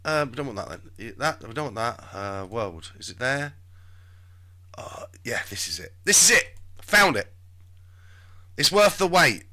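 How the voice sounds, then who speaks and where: Man, live stream host, rambling chatty commentary, very bright tense tone, lively pitch. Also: a little slow, pauses often. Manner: chatty, talks to himself while searching.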